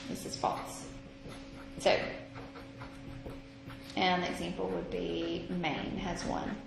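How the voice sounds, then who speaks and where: Woman, math teacher, slow and patient, echoey noisy room recording. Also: fairly low pitch, monotone, creaky. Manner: slow, patient, thinking aloud. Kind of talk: recorded classroom lesson.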